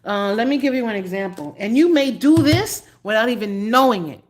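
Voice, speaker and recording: A woman giving a live tarot reading, chatty and unhurried, choked up and often clearing her throat. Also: on the high side, expressive. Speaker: tarot reader.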